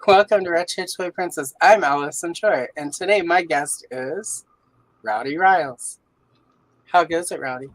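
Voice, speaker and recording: A woman's voice: lowish voice, moderate pace, dry recording, poor audio. A woman from the American South with a Southern accent, hosting a casual livestream and greeting viewers by name. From Southern United States. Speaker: livestream host. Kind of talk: casual chat while coloring on stream. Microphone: streaming setup.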